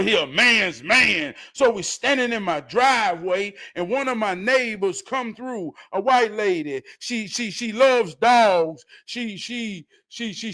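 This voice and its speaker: A man telling a story with a lively, swooping voice that sits a little high for a man. He drops to low mutters and then rises into loud, excited shouts. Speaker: storyteller and show host. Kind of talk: animated comedic storytelling.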